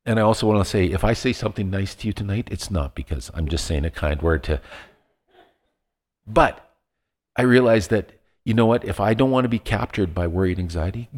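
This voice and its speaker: A man's voice: medium pitch, a little mellow, long reverb tail. A man preaching a sermon as a pastor, telling a personal story in a conversational way with frequent restarts. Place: church sanctuary.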